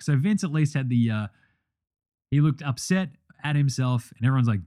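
A man's voice: medium pitch, fairly quick, dark tone. A young Australian man hosting a basketball podcast, ranting bluntly and swearing often. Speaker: podcast host. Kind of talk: profane basketball commentary.

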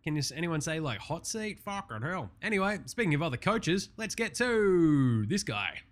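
A man's voice: fairly high pitch, big pitch swings, moderate pace. Brash, swearing man. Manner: profane, brash, wisecracking. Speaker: podcast host. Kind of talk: casual sports recap.

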